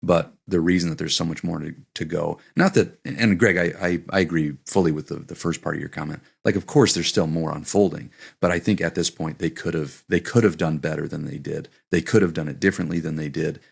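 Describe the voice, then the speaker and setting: Deep gravelly man thinking aloud. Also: fairly even intonation, fairly quick, hardly any pauses. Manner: hesitant, restarts often, thinks aloud. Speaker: podcast co-host. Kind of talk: casual Bible study discussion.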